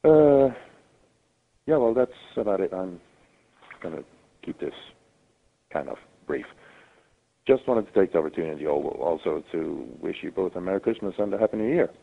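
A very deep, gravelly and husky-voiced man calls in while sick with a fever, rambling haltingly with many fillers. The line is thin and tinny, like a phone. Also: animated. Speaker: caller.

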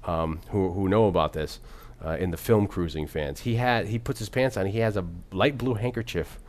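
Male co-host, low-pitched, loose and profane, rambling film chat. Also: normal speed, darkish tone. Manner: rambling, profane, laughs often. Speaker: podcast co-host. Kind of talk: casual film discussion.

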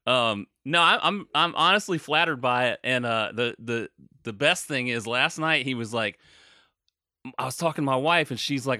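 A man talking loosely on a podcast, rambling through stories and putting himself down with a laugh. His voice is bright and forward, recorded close and dry with no room sound. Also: mid-range voice, expressive, no room sound. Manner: rambling, self-deprecating, quick to laugh. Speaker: podcast co-host. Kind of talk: casual chat.

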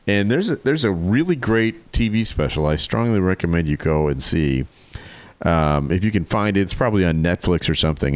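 A man's voice: low voice, no echo. A man co-hosting a podcast, telling wry jokes and stories in casual chat. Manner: joking, wry storyteller. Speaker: podcast co-host.

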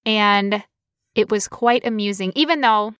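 A woman co-hosting a podcast, telling a story in casual chat with animated, playful quoted voices. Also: medium pitch, a little slow, clear, resonant tone, no room sound, studio quality. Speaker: podcast co-host.

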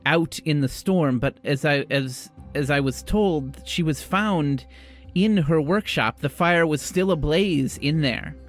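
Man playing a halting mortician. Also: on the high side. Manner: halting, repeats his words. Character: hesitant, matter-of-fact male mortician.

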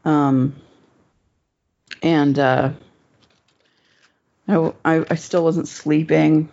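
A woman with a low, level, warm voice and vocal fry speaks very slowly, rambling and swearing through a personal story in casual chat. She uses many fillers, and the recording is dull and lo-fi.

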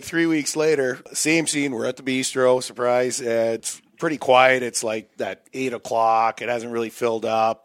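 A man's voice: medium pitch, no echo, clean studio sound. A man casually telling a long funny story, laughing often and acting out the lines of the people in it. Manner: animated, laughs often, acts out quotes. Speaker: guest storyteller.

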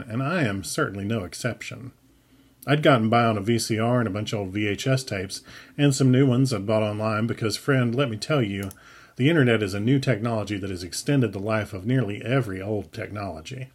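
A man reading his own story aloud in a wry, unhurried storytelling manner. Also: on the low side, husky. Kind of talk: audiobook narration.

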